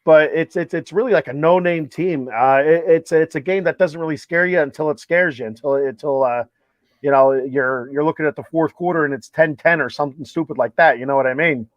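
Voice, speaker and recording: A man's voice: a little high, brisk, no echo. A man co-hosting a casual sports talk show, chatty, with lots of restarts and filler words. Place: home room, with a TV playing a ballgame behind. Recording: dull, dry lo-fi audio.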